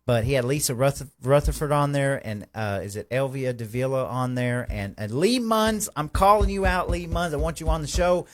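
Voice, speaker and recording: A man's voice: mid-range voice, animated, moderate pace, hardly any pauses. Effusive man hosting a live stream. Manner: effusive, folksy, rambling with restarts. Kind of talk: casual live stream shout-outs.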